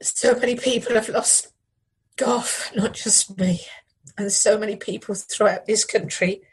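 Husky grieving woman, halting speech. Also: medium pitch, steady tone, poor audio. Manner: halting, grieving, repeats phrases. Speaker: interviewee, bereaved widow. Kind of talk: emotional news interview.

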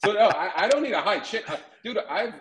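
A man's voice: sits high, lively intonation, fairly quick, fairly bright tone, reverberant, low-quality recording. A man hosting a podcast in casual chat, profane and rambling, often breaking into laughter. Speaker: podcast host.

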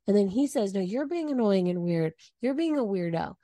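A woman co-host spins an animated story on a podcast, voicing the quotes with dramatic swings. She talks quickly with few pauses in a medium-pitched voice, recorded in studio quality without room sound.

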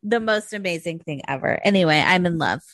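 A young adult woman co-hosting a podcast in casual chat, animated and swearing freely, on a close mic. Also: on the low side, a little fast, no echo. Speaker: podcast co-host.

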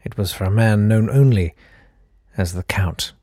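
A man with a British accent reading a comic story aloud in a deadpan, mock-grand narrating manner. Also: on the low side, a little slow, no room sound, clean studio sound.

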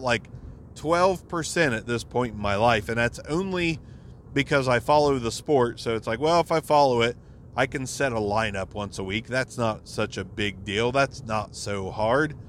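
A man hosting a podcast at a middle pitch, ranting with heavy swearing. His casual delivery carries exasperation, with a faint hum of noise behind him. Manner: profane, exasperated rant with frequent swearing. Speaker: podcast host.

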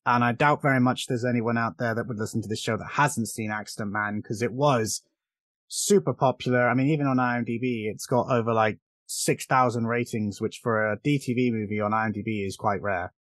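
A British man hosting a podcast, talking casually about a film with quick asides and frequent laughs. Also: mid-range voice, fairly even intonation, a bit bright, dry recording. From Britain. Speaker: podcast host.

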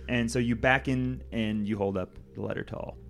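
Man, game master, tabletop game narration, playful, quick to laugh, mid-pitched, light music behind. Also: steady tone, gravelly.

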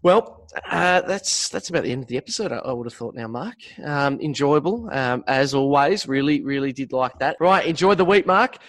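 A podcast host chatting casually, with short, upbeat reactions. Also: male voice, on the high side, animated, normal speed, hardly any pauses, a bit bright. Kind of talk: casual chat.

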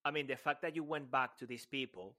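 Bright, enthusiastic male co-host. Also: medium pitch. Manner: enthusiastic, quick. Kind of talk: casual interview talk.

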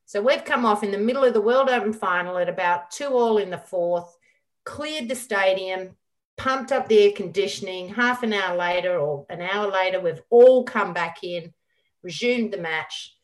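A middle-aged woman, a guest on an interview show, telling a lively story full of quoted dialogue. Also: mid-range voice, moderate pace. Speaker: guest, former squash champion.

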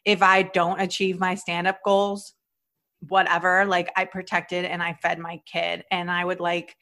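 Lively storytelling woman comedian, slightly low. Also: unhurried. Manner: animated storytelling, swearing, quoting herself in put-on voices. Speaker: podcast co-host, stand-up comedian. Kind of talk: casual chat.

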